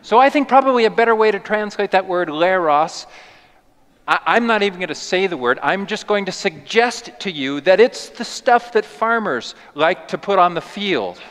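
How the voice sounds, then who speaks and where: A man preaching a sermon as a pastor, telling the story in a lively, playful way. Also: high-pitched, moderate pace. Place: church sanctuary. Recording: long church reverb.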